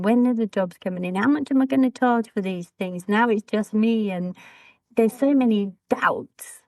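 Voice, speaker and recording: A woman's voice: medium pitch, no room sound. A woman, a brand designer telling stories as an interview guest and acting out the voices in them. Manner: chatty, animated quoting of dialogue. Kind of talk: casual interview storytelling.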